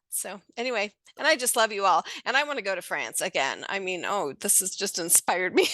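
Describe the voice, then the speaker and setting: A woman, a speech pathologist, telling an animated story on a video call and acting out the voices with big jumps in pitch. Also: dry recording. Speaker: speech pathologist and accent trainer. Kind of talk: virtual networking talk.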